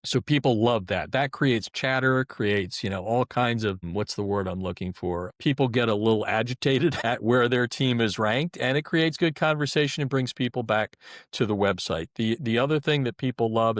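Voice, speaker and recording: A middle-aged man interviewed as a sports website editor talks in a chatty, folksy manner with repeated restarts. His medium-pitched voice moves at a moderate pace, and the studio recording is dry and clean.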